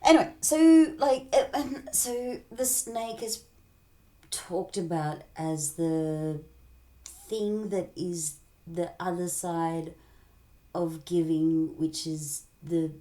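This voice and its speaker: A woman's voice: lowish voice, slow pace, dark tone. A woman in a rambling, tangential casual monologue, often dropping into whispered asides.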